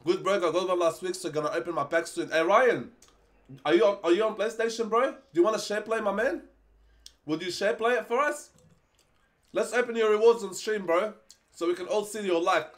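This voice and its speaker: A man's voice: sits high, fairly quick. Hyped young man streaming game packs. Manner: excitable, swears freely, hyped and pleading. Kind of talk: casual live-stream chat while opening game packs.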